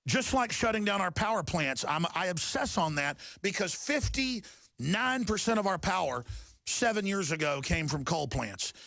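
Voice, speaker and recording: Gravelly, impassioned talk radio host. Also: male voice, high voice, no room sound, studio quality. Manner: impassioned, rising to shouting then calming. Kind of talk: ranting talk radio monologue.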